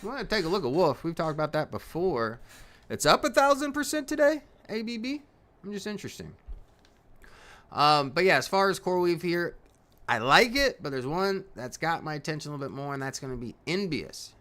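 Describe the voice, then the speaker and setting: A man's voice: on the high side, sing-song, a little fast, a bit bright. A man hosting a live stock market stream in casual commentary. He talks in a folksy way, laughs often and keeps asking "right?".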